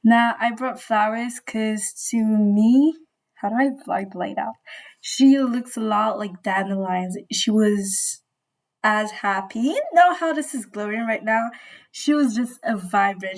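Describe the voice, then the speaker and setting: A young woman talking indoors at home, telling a rambling, gushing storytime to her viewers, full of "you know" and "like". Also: a little high. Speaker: vlogger. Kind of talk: casual storytime chat.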